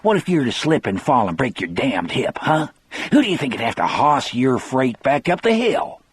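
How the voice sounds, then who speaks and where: A man's voice: medium pitch, big pitch swings, normal speed, husky, dry recording, voice pushed up. A man voicing a sneering, bullying male nursing-home orderly with mocking, menacing taunts.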